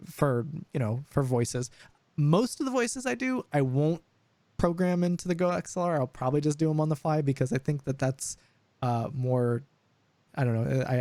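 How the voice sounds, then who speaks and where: A man's voice: mid-range voice, dark tone, no room sound. A young man running a tabletop game as dungeon master, chatting casually with many fillers and restarts. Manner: rambling, frequent fillers and restarts. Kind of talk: casual chat over voice call.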